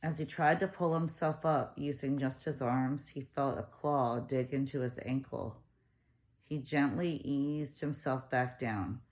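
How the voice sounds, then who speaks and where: A woman narrating a novel aloud in a steady storytelling manner. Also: extremely low pitch, unhurried. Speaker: audiobook reader. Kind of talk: audiobook narration.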